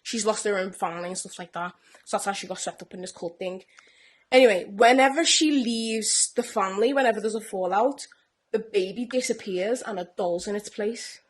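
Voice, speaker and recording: A young woman, co-hosting a casual podcast chat and retelling a TV plot with animated energy. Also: mid-range voice, moderate pace. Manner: animated storyteller who acts out characters' lines. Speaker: podcast co-host.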